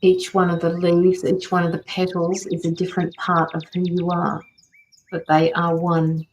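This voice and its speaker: Gentle woman giving a livestream tarot reading. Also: on the low side, monotone, slight background noise, low-quality recording. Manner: gentle, reassuring, halting with fillers. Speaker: tarot reader and medium.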